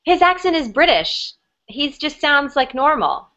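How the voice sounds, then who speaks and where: Co-hosting a laid-back live-streamed fan chat, this young woman is wry and playful but seems somewhat worn down and sick. She speaks a touch slowly in a high, very lively voice that comes across bright and forceful. Dull, lo-fi webcam sound.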